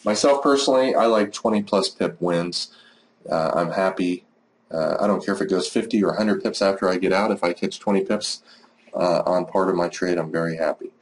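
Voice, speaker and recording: A man's voice: low voice, a little fast. A man teaching a trading lesson over a screen recording, talking casually and practically with many fillers. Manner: casual, rambling, lots of "uh" and "you know". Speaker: forex trading educator.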